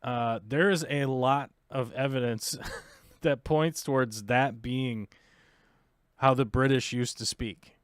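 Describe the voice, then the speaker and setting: A man's voice: medium pitch, fairly even intonation, slow, smooth, no echo, studio quality. An American man hosting a livestream, chatting casually and rambling with lots of fillers as he reads viewer comments. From United States. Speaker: livestream host.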